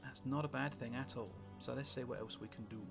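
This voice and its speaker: A British man casually commentating on a strategy game he is playing, rambling and wry, with sweary asides and thinking out loud. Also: medium pitch, fairly even intonation, fairly quick, vocal fry. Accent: British English. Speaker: gameplay commentator. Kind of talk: casual let's-play commentary. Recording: music playing underneath.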